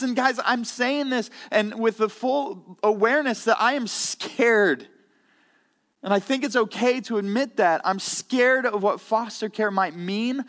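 A pastor with a high-sitting, fairly bright voice preaches a conversational sermon in a church sanctuary, where a long reverb tail trails his words. He is earnest and candid, often repeating words as he goes.

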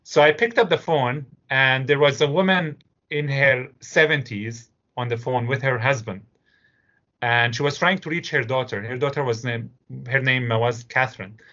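A man's voice: medium pitch, moderate pace, dull audio. A middle-aged man from Syria with a Syrian Arabic accent, telling stories in an interview as a guest and acting out voices in his anecdotes. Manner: animated storyteller, acts out voices in anecdotes. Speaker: interview guest, immigrant business owner. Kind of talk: storytelling interview answers.

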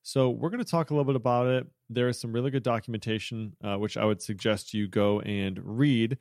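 A man's voice: medium pitch, steady tone, fairly quick, darkish tone, no echo, clean studio sound. A man hosting a podcast who explains programming features in a chatty way, correcting himself and joking along the way. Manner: chatty, self-correcting, jokey asides. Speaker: podcast host. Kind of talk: casual technical chat.

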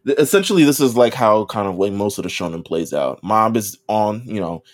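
A man's voice: lowish voice, animated, fairly quick. A man co-hosting a podcast, recapping an anime episode in casual chat, acting out characters' lines and laughing often. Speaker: podcast co-host.

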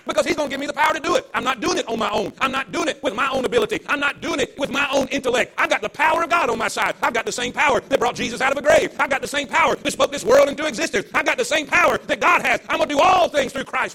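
A man's voice: extremely high pitch, racing, few pauses, sharp tone. A man, a pastor preaching a livestreamed sermon to an empty church, emphatic and repetitive, with call-and-response.

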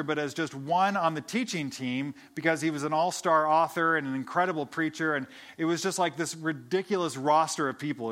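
Pastor, male, mid pitch, earnest conversational sermon delivery, frequent stammered restarts. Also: a bit bright.

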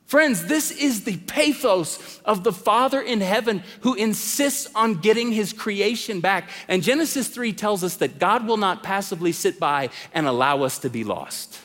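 Middle-aged male pastor, passionate sermon, high tenor, long reverb of a church hall. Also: expressive, normal speed, hardly any pauses. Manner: impassioned preaching, swings between loud calls and hushed lines.

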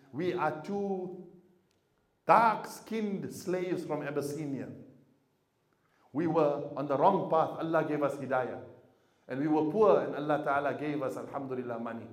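Imam guy preaching, fairly high voice, echoey room, goes quiet then loud. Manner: storytelling, swings from quiet to loud emphasis. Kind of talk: sermon to a congregation.

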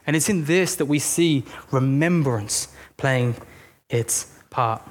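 A man's voice: medium pitch, slow, slight background noise. Male pastor, mid-range voice, chatty earnest sermon with personal stories. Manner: earnest, conversational storytelling with self-deprecating asides; repeats words and restarts when thinking aloud.

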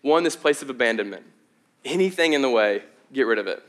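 A man's voice: mid-range voice, expressive, a little fast. A young adult man preaching a sermon as pastor, in a conversational, earnest way with frequent fillers and restarts. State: out of breath.

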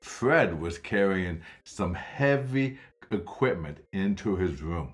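Slow, animated male storyteller. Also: low voice. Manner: animated, dramatic. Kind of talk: children's story narration.

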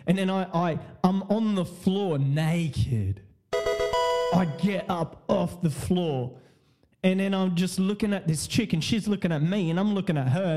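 A man with a high-sitting, warm voice hosts a podcast, telling a story in a casual, rambling, repetitive way. He laughs often and swears freely.

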